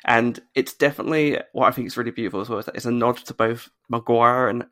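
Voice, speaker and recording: A man's voice: medium pitch, fairly even intonation, fast, fairly bright tone. A man hosting a podcast in casual chat, moving the talk along. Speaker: podcast host.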